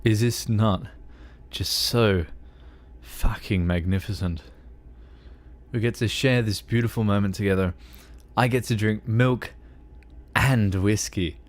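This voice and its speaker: Australian male streamer, relaxed unhurried delivery, self-mocking humor, casual cursing. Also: fairly low pitch. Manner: joking, swears freely, self-deprecating. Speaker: game streamer. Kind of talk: casual livestream chat.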